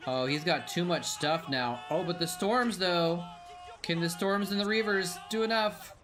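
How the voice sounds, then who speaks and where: With music playing behind him, a man with a high-sitting voice speaks at a measured pace. He streams old pro games for a watch party, chatting casually, reading chat out loud, and rambling through easygoing commentary.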